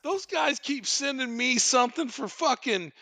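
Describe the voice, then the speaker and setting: A man voicing a grumpy older male neighbor who complains gruffly and curses as he talks. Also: extremely high pitch, lively intonation, normal speed, bright, forceful tone, dry recording, voice pushed up, exaggerated voice. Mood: annoyed.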